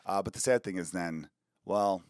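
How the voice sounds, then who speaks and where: A man chatting casually as a podcast guest, telling loose, crude stories quickly. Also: sits low, dry recording, clean studio sound. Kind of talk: casual chat.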